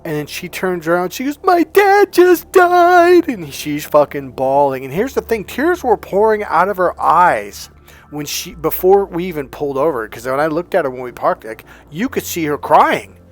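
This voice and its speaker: A man's voice: fairly high pitch, lively intonation, normal speed. A man talking as a dating coach, blunt and profane, often quoting others in put-on voices. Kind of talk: coaching monologue.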